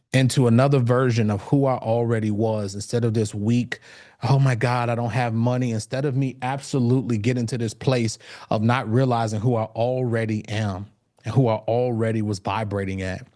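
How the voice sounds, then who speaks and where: A man telling a personal story in a motivational talk at an event. He pauses often, saying "um" and starting sentences over. His pitch sits in the middle range for a man. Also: warm tone. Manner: storytelling with many fillers and restarts. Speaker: speaker. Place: event stage.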